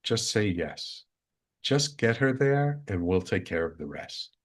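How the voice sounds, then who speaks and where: Guardian angel speaking in the mind, slow and low, gently insistent, played by a man. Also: very animated. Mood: calm. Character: calm guiding angel's inner voice.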